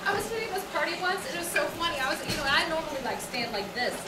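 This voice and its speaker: A woman's voice: very high-pitched, very animated, very fast, heavy background noise. A woman hosting a live event, chatting playfully and calling out to the audience. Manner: chatty, playful, calls to the crowd. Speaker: event host. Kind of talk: casual emcee banter with audience. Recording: echoey hall from far off, loud crowd. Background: loud audience.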